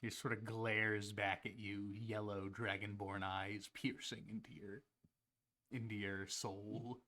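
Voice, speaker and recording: A man as game master, narrating the scene in a measured, descriptive way. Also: lowish voice, little pitch movement, pushed and bright.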